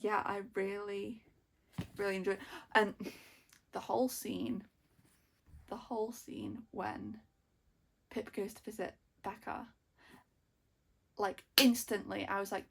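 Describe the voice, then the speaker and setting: A young woman, chatting excitedly about books in a casual reading vlog, gushing and repeating herself. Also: mid-range voice, takes it slowly, gravelly, pauses often, slightly rough. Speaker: book vlogger.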